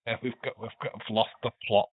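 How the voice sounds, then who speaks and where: A man's voice: on the low side, fairly even intonation, fairly quick, slightly rough, dry recording. A man giving casual, chatty running commentary as a streamer, swearing and laughing along. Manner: chatty, profane, laughs often. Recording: tinny phone-like dry sound.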